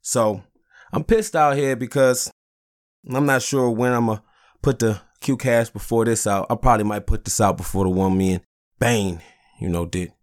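A podcast host with a mid-range voice rants at a normal speed, angry and profane in a casual, heated way. He keeps dropping "you know what I'm saying" as he goes.

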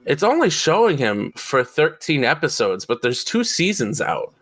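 Excitable, bright-voiced man chatting. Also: on the high side, moderate pace, no echo. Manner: excitable, swears freely, rambling. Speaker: podcast co-host. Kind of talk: casual chat.

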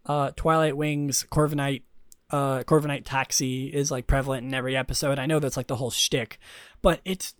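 A man's voice: a little high, no room sound, studio quality. A young man hosting a casual solo podcast, rambling with many fillers and restarts. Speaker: podcast host.

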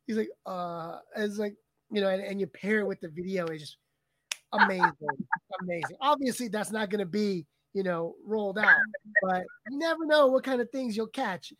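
A man co-hosting a podcast, telling stories with lively energy and frequent laughter. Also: high voice, normal speed. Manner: lively storyteller, laughs often. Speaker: podcast co-host and video editor. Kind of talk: casual podcast chat.

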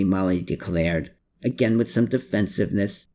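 A man's voice: low voice, normal speed, a little mellow. A man narrating an audiobook, reading the story's tags and descriptions between lines of dialogue.

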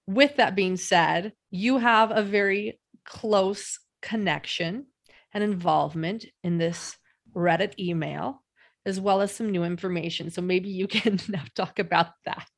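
A woman hosting a podcast interview, giving measured set-ups for her guest. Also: medium pitch. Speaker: podcast host.

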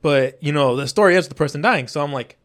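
A man co-hosting a casual podcast, animated and swearing often as he talks. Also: on the high side, quick pace. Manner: profane, animated, swears a lot. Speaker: podcast co-host. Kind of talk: casual chat.

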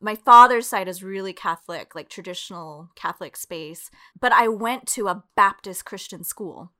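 Woman, podcast guest, candid storytelling, animated, casual "like" fillers, bright tone. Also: medium pitch, normal speed. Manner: animated and expressive, heavy use of "like".

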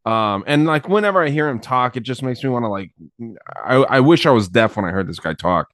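A man's voice: medium pitch, animated, a little fast, a bit bright, dry recording, clean studio sound. A man hosting a podcast, chatting casually and crudely with lots of fillers. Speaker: podcast host. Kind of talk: casual chat.

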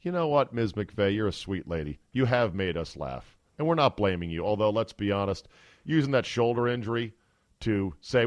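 A man's voice: on the low side, brisk, no room sound. Sarcastic man hosting a sports podcast. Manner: sarcastic, animated commentary. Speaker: podcast host. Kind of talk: casual sports talk. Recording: dry close studio sound.

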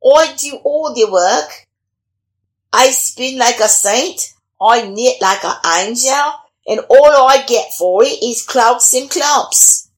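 A woman's voice: on the high side, takes it slowly. A woman voicing a lazy, sly young country girl in a storybook reading, with a pleading, cheeky way of talking. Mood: protesting.

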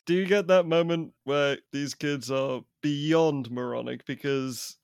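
Mocking man, slightly high dry voice. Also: steady tone, a little slow, a little mellow, smooth, no echo. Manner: mocking, profane jokes. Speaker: podcast co-host. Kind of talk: casual chat.

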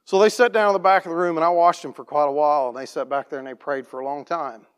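A plain-spoken man tells a church testimony story as a farm operator, restarting his sentences and clearing his throat often. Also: a little high, steady tone, quick pace.

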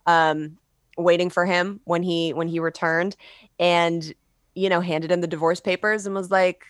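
A woman's voice: lowish voice, little pitch movement, unhurried, no room sound. A woman from Los Angeles, a guest author on a casual podcast, chatty and candid, swearing and laughing often. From Los Angeles, USA.

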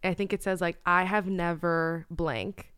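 A woman's voice: fairly low pitch, steady tone, measured pace, a bit bright, clean tone, dry recording. Young woman, podcast co-host, casual chat, giggly storyteller, dry close sound. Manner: giggly storyteller, laughs through her words.

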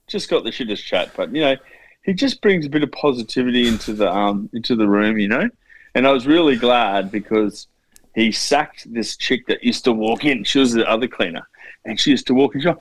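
A man's voice: fairly low pitch, brisk, no room sound. An Australian man co-hosting a podcast, crude and swearing freely, mimicking people in casual chat. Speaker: podcast co-host.

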